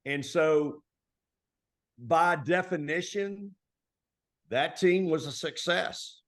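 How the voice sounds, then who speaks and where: A middle-aged man from Texas, a basketball coach telling stories in a relaxed, folksy interview style full of colloquial turns. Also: a little high, takes it slowly. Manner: folksy, animated storytelling with Southern colloquialisms. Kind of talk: conversational storytelling interview.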